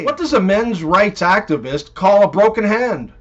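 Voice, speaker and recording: A man reading one-liners and joke stories in an even, unhurried way. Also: sits high. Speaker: joke narrator. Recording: dull, muffled recording.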